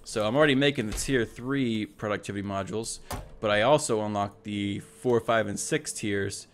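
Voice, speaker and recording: A man's voice: fairly low pitch, normal speed, a little hiss or hum. A man casually narrating his own gameplay, thinking aloud, correcting himself and chatting to the units on screen. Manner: thinks aloud, self-correcting, talks to the robots. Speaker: let's play host.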